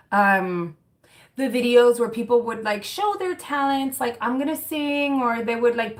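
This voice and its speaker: A woman in her thirties talks to her livestream viewers in a loose, rambling way. She restarts her sentences often and fills the gaps with "um" and "like". Her delivery is candid and conversational. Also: mid-range voice. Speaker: livestream host reading chat comments. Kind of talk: casual chat.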